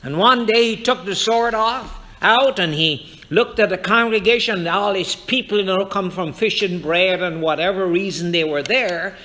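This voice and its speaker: A man's voice: sits high, normal speed, hardly any pauses, bright, forceful tone. A man preaching a fervent sermon to his congregation in a church, quoting scripture and addressing listeners directly. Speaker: pastor. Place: church sanctuary.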